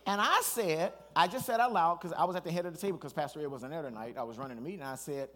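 A man, a pastor, preaching a sermon in an animated storytelling way, with asides and restarts. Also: on the high side, very fast.

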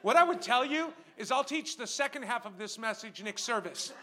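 High, bright-voiced shouting preacher man. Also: lively intonation. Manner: swings from quiet asides to shouted, drawn-out exhortation; emphatic, repeats phrases and asks the crowd questions. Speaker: guest preacher. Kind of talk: sermon.

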